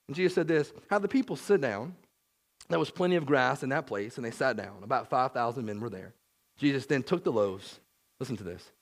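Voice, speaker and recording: A man's voice: mid-range voice, expressive, a little fast. A man preaching a sermon as pastor, conversational, with frequent "right?" asides, and he acts out the disciples' worried voices.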